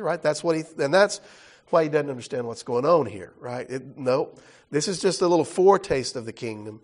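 A man's voice: on the high side, animated, a little fast. A man teaching a Bible study class in a casual, explanatory way, often checking in with his listeners.

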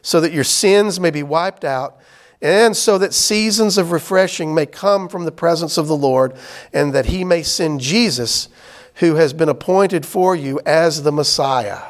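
A man teaching a Bible class, chatting casually and reading scripture aloud slowly. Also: fairly high pitch. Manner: conversational, explains with "right?" and "y'all", reads scripture aloud slowly.

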